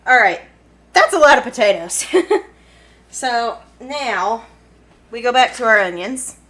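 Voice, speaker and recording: A woman's voice: a little high, lively intonation, a little slow, pushed and bright, low-quality recording. A woman with a Kentucky accent, chatting and giggling casually as she cooks in her home kitchen for a cooking vlog. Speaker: cooking vlogger.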